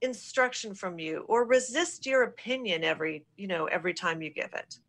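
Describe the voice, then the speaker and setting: Bright-voiced woman consultant explaining. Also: medium pitch. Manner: affirming, explanatory, quick repeated yeses. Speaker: executive consultant guest. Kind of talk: business podcast interview.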